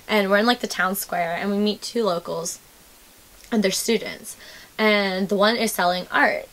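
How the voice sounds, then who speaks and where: A woman's voice: mid-range voice, fairly bright tone. A young woman hosting a casual chat, telling stories and acting out the voices of the people in them. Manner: chatty storyteller who acts out the voices in her stories. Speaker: host.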